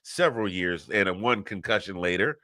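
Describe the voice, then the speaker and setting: A man's voice: sits low, expressive, a little fast, a crowd in the background, voice pushed down. A man putting on the voice of a boastful billionaire tycoon with a folksy Texas-style drawl. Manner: exaggerated, rambling and braggy.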